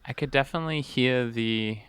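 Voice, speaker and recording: A man's voice: mid-range voice, fairly quick, a bit bright, clean tone, dry recording. A man co-hosting a casual music chat, giving feedback with a dry, teasing sense of humor. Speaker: podcast co-host.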